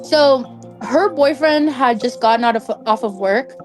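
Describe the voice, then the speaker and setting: A woman's voice: a little high, measured pace, soft background music. A young woman casually telling a personal story, chatty and full of "like" fillers. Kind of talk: casual spoken anecdote.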